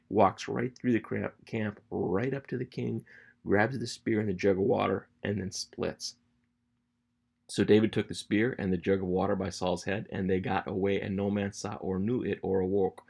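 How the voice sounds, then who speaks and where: A man's voice: on the low side, steady tone, moderate pace, gravelly, a little mellow, breathy edge. A man teaching a Bible chapter in a casual, conversational way, reading verses aloud and retelling them in slangy everyday talk.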